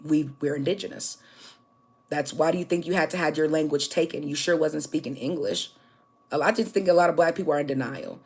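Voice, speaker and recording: An American woman on a livestream, talking straight at her viewers in a blunt, confrontational rant. Her voice sits somewhat low for a woman, and she keeps punching lines with a sharp "okay?" as she swears her way through. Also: brisk, slightly rough. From United States. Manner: addresses viewers directly, repeating "okay?". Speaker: livestream host. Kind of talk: livestream rant answering chat.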